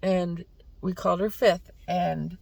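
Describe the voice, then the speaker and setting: A woman's voice: fairly low pitch, little pitch movement, slow, gravelly, darkish tone, dry recording. A middle-aged woman telling a personal story in a casual vlog, emotional and close to tears, acting out what others said. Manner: emotional, tearful retelling; acts out others' lines in quotes. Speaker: vlogger.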